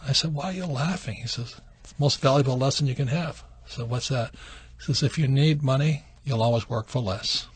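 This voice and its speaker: Here a radio host fielding calls slips into casual storytelling about his youth, turning animated as he acts out what people said. The mid-range voice is brisk and slightly rough, captured in a dry recording.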